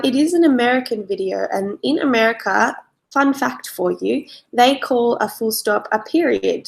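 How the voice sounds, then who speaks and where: A woman, a primary school teacher giving a recorded lesson to children, speaking slowly and clearly. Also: mid-range voice. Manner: slow and clear, spelling out and explaining for young pupils.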